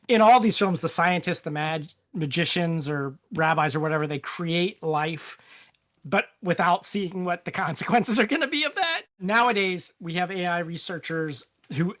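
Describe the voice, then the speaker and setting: A co-host walks through the plot of an old film, chapter by chapter, in an easy conversational tone. The delivery is plain and relaxed, with light laughter now and then and a mid-range pitch. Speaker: podcast co-host. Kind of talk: casual film discussion, recapping plot.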